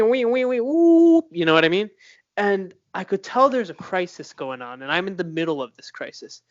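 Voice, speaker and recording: A young man co-hosting a podcast in loose, blunt chat, full of fillers and quick laughs. His voice sits a little high, and the recording is dry and muffled. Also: a bit bright, no room sound. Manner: chatty, blunt, laughs often, many fillers. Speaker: podcast co-host. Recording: dull lo-fi sound.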